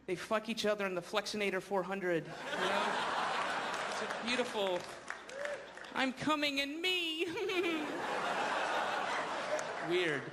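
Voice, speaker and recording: American comic doing a live set, rambly and sarcastic, noisy club, lots of laughs. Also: male voice, fairly high pitch. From United States. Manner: sardonic, rambling asides, "you know?". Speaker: stand-up comedian. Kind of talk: stand-up comedy set. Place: comedy club stage. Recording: live club, loud audience laughter and noise.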